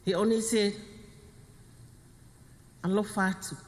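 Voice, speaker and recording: A middle-aged Samoan-accented woman speaks at a funeral in halting, heartfelt fragments, moving slowly from one short phrase to the next. Her voice carries a long reverb that rings through the service hall. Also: medium pitch, steady tone. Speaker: widow of the deceased. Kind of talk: funeral eulogy.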